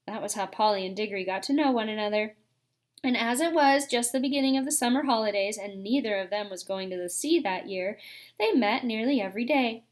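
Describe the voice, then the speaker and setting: A woman reading a children's novel aloud, with expressive phrasing and the odd casual aside. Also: fairly high pitch, fairly quick. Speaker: narrator.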